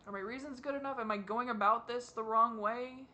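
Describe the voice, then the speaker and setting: A young adult vlogger crying while talking to the camera, asking halting, self-critical questions in a rambling way. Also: mid-range voice, fairly even intonation, sharp tone. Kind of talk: confessional talk to camera.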